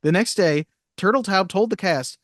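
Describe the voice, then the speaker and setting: A man co-hosting a casual movie podcast, reading trivia facts briskly and chatting. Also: high voice, a bit bright, no echo, clean studio sound. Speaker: podcast co-host.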